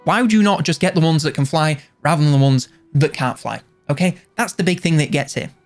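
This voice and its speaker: Rambling, jokey man with a higher voice. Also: fairly quick, soft background music. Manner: rambling, jokey, self-correcting. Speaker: video game commentator. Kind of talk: casual commentary.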